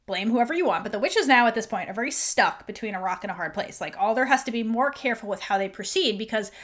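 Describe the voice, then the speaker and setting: A woman's voice: a little high, expressive, fast talker, fairly bright tone. A woman podcast host recapping a TV episode in a chatty way, full of "like" and half-acted lines from the characters.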